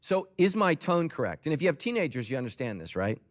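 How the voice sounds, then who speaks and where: Middle-aged pastor, funny chatty sermon, voice bounces all over, sits a bit high. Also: male voice, quick pace. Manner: humorous, conversational, animated.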